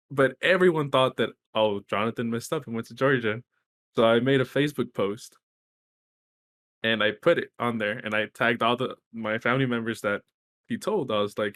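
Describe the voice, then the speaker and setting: Casting: young man, animated storyteller, casual podcast co-host, cusses freely. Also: mid-range voice, moderate pace. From Texas. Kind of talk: casual chat.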